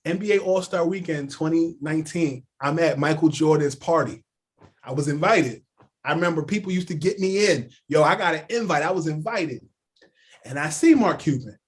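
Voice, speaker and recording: A man telling stories as a sports journalist guest on a casual podcast, animated and full of "like" and "yo". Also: on the high side, moderate pace, husky.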